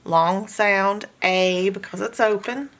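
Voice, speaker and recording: A woman's voice: on the low side, steady tone, takes it slowly, a bit bright. A woman teaching a phonics lesson, patiently sounding out letters and words in repeated drills. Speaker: homeschool reading teacher.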